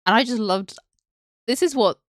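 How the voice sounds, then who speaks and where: A woman's voice: fairly high pitch, normal speed, no echo, clean studio sound. A woman hosting a casual history stream, rambling, teasing and giggling often.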